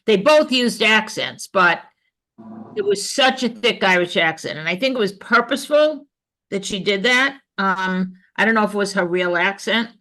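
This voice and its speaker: Bright-voiced woman rambling earnestly. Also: mid-range voice, animated, moderate pace, low-quality recording. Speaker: book club member. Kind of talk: casual discussion. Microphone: video call.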